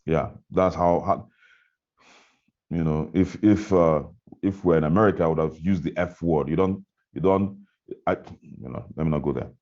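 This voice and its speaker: A man's voice: low-pitched, moderate pace, a little mellow, lo-fi sound. A man on a video call, giving a fiery, repetitive motivational talk to his team about his business. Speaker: network marketing trainer.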